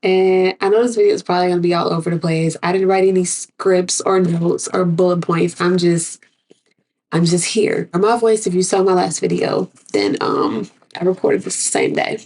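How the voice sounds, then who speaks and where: A young woman speaks in a relaxed, unscripted vlog, wandering through her thoughts with plenty of "like" and "um." Her voice sits a bit low and sounds husky, with a stuffy, congested edge from a cold. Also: normal speed. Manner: rambling, filler-heavy, thinking aloud. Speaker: artist vlogger. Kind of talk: casual unscripted vlog talk.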